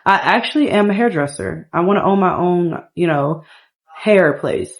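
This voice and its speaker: A woman's voice: on the low side, moderate pace, natural voice. A woman voicing a young, outspoken female hairdresser in a sassy, breezy way while narrating gameplay. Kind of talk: playful character voicing over gameplay.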